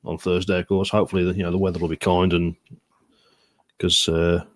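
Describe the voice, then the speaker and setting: A man's voice: low-pitched, level tone, dry recording. A man co-hosting a casual sports podcast, talking with many fillers and "to be fair" asides. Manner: quick, full of fillers, says "to be fair". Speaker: podcast co-host. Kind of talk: casual chat.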